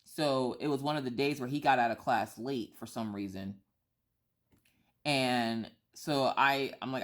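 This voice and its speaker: A woman's voice: a bass voice, measured pace. A woman in her thirties who vlogs, chatting and telling a rambling story full of asides and restarts. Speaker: vlogger. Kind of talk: casual storytelling chat.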